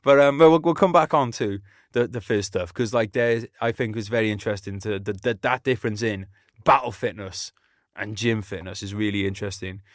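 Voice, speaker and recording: A man's voice: lowish voice, a little fast, no room sound, studio quality. A man from Britain, an army veteran hosting a podcast, talking in a casual, sweary and rambling way, laughing often. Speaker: podcast host. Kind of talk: casual chat.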